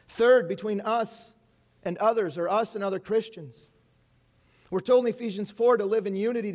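Male pastor, high voice, earnest preaching with asides. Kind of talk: Easter sermon.

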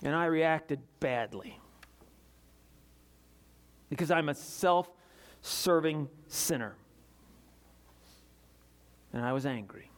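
Male preacher, earnest sermon delivery, voice sits a bit high, swings between urgency and quiet confession. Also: slow, long pauses.

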